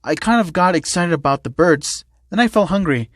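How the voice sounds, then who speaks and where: A man voicing a naive, excitable teenage cat boy with a childlike, stammering way of talking. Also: sits high, a little fast, dry recording, clean studio sound. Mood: shy, confused.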